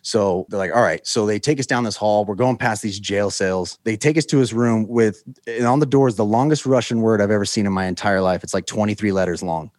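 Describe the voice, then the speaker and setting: A man's voice: on the low side, fairly quick, hardly any pauses, dry recording, studio quality. An American man telling a long story as a guest, acting out the voices of the people in it and rambling with lots of fillers. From United States. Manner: animated, acts out quoted voices. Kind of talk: casual storytelling.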